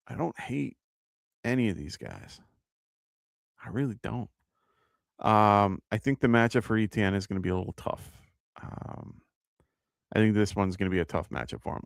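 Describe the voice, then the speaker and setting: A man with a New York accent hosts a live fantasy football show, offering casual live-stream advice while thinking aloud, full of fillers and self-corrections. His voice sits fairly low with vocal fry. The recording is dry and studio quality.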